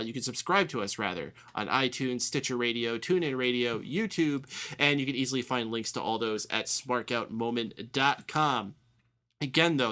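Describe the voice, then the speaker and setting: Bright-voiced male podcast host. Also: mid-range voice. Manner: laughs often, brisk announcer-style sign-off. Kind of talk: casual radio-show banter and closing plugs.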